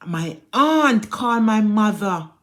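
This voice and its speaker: A woman's voice: mid-range voice, expressive, slow pace, fairly bright tone. A woman with a Jamaican accent telling a family story to her viewers in a casual vlog, emphatic and repetitive, often turning to address them directly. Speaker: vlogger.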